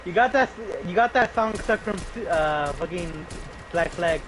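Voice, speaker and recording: A man's voice: high-pitched, animated, moderate pace, background noise. A man teasing his friend with dry jokes during a game session. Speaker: gaming friend. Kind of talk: casual chat.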